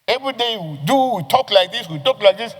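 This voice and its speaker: Nigerian male senator, high voice, repetitive oratory, reverberant chamber recording. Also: lively intonation, fairly quick. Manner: forceful, declamatory oratory with repeated phrases. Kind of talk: parliamentary floor speech. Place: legislative chamber.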